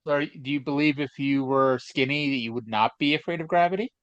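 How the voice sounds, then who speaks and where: A man's voice: medium pitch, a little fast, fairly bright tone, no echo. A man co-hosting a casual chat podcast, telling stories in a rambling, hesitant way with many fillers. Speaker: podcast co-host. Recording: dull lo-fi dry sound.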